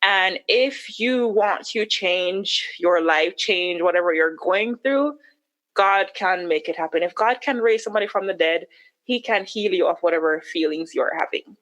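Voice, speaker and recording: A woman guest on a podcast, telling a personal story candidly and acting out her own past words with sharp jumps in pitch. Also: normal speed, highs cut off.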